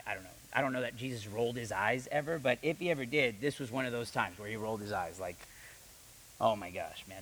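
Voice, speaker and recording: A young man preaching a sermon with animated delivery, reading scripture and acting out the quoted voices, often repeating his words. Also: on the high side, low-quality recording. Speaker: pastor.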